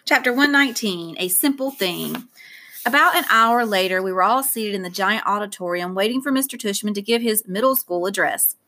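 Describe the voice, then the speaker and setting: A woman's voice: medium pitch, a little fast, pushed and bright. Woman reading an audiobook aloud. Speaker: audiobook narrator. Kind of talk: scripted narration.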